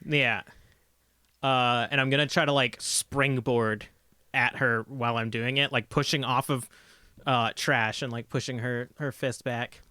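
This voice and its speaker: A man with a bright, forward voice chats as a player in a tabletop game. He laughs often and feels his way through actions with plenty of fillers, recorded close and dry. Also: mid-range voice, steady tone, unhurried, clean tone, dry recording. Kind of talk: casual tabletop game chat.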